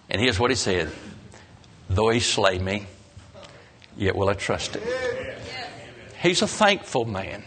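A man preaching a sermon, telling the story dramatically with emphatic rises and soft, low endings. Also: very animated, slow pace, pauses often, noisy background.

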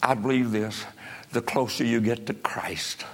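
A man preaching a revival sermon, impassioned, swinging from low pleading to shouted peaks. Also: steady tone, a little slow.

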